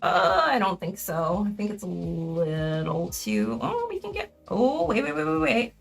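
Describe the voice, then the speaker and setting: Young woman streamer chatting while crafting, lots of vocal fry, rambly and laughy, soft music in the back. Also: medium pitch, sing-song, unhurried. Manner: rambling, self-correcting, laughs often. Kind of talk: casual chat while crafting.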